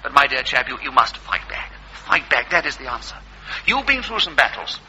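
Comedy sketch: a flustered vicar, genteel and apologetic, with a lively rising and falling voice and a very bright tone. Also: male voice, medium pitch, fairly quick, lo-fi sound, slight background noise, heavily acted. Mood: earnest sermonizing. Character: polite, flustered, long-suffering male vicar.

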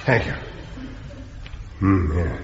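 A chirpy, breezy bomb-disposal officer. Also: male voice, deep voice, big pitch swings, extremely slow, full character voice. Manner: chirpy and flippant, chuckling as he talks. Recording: dull, roomy sitcom soundtrack with long reverb and noise.

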